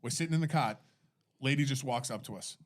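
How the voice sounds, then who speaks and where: A man telling a profane, lively anecdote on a podcast. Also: medium pitch, a little fast. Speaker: podcast co-host. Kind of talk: casual storytelling.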